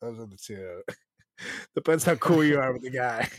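A man's voice: medium pitch, sing-song, slow pace, crowd noise. A man co-hosting a comedy podcast in casual chat, from Latin America, laughing often through joking asides. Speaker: podcast co-host.

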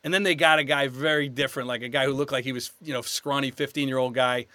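Bright-voiced man telling stories. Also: medium pitch, steady tone, quick pace, no echo. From New York. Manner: chatty storyteller, self-deprecating. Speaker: guest actor. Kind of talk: casual podcast interview.

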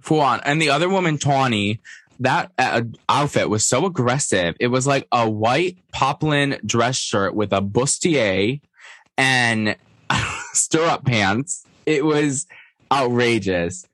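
A man co-hosting a casual gossip podcast, telling stories in an animated, sassy way and acting out quotes. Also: medium pitch, slow pace, dry recording. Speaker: podcast co-host.

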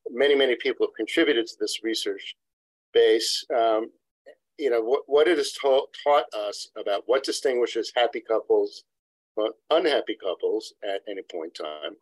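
A man's voice: fairly low pitch, no room sound, poor audio. Man explaining therapy research, dry sound. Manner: lecturing, digressive, acts out quotes. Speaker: couple therapist, interview guest. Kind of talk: expert explaining in a podcast interview. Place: New York City practice.

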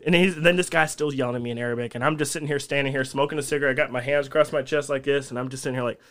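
Animated man telling stories. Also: mid-range voice. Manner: animated, profane storyteller who laughs at his own tales. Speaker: podcast guest. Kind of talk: casual storytelling chat.

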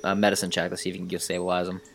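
A man's voice: deep voice, completely flat delivery, racing, gravelly, a bit bright, slight background noise. A man narrating a tabletop game as game master, casual and profane, often laughing.

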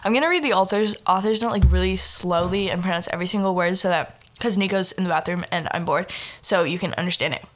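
A woman's voice: fairly low pitch, fast talker. A woman hosting a casual podcast, teasing her co-host and reading fan fiction aloud with sarcastic asides on her own close microphone. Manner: teasing and sarcastic, mocks the text while reading.

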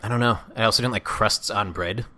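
A man's voice: fairly low pitch, fairly quick, sharp tone. A young man co-hosting a podcast, chatting casually and gushing enthusiastically about the food he tastes. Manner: enthusiastic, rambling, savoring food. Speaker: podcast co-host. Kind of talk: casual food review chat.

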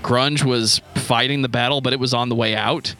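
A man's voice: medium pitch, fairly even intonation, moderate pace, bright, forceful tone, faint music behind. A man hosting a casual podcast, talking in a dry, joking way.

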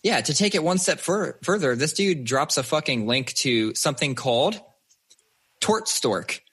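A dad on a podcast, telling stories in a loose, animated way and cursing freely. His voice is bright and a bit husky. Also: a little high, a little slow. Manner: swears freely, animated storyteller. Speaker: podcast co-host and father. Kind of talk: casual chat.

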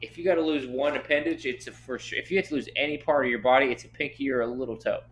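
Young man, podcast guest, animated, swears constantly, loud bursts. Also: medium pitch, racing, a little hiss or hum. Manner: animated, profane, gets loud when worked up. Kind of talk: casual chat.

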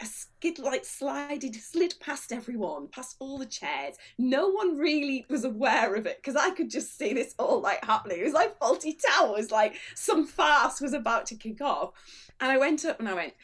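A woman's voice: sits high, big pitch swings, normal speed, fairly bright tone. A middle-aged woman, an illustrator, telling a funny story on a chat show and laughing through her lines. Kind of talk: comic anecdote on a chat show.

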